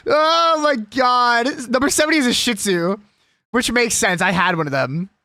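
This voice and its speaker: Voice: mid-range voice, sing-song, moderate pace, pushed and bright, dry recording, studio quality. A young adult live streamer chatting casually and with strong opinions while reading a list aloud.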